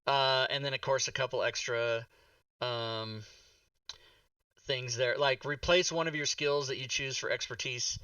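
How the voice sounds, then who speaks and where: A man's voice: mid-range voice, bright, forceful tone, no room sound, recorded from a distance. A man hosting a casual talk show about a tabletop game book, joking, swearing and laughing as he goes.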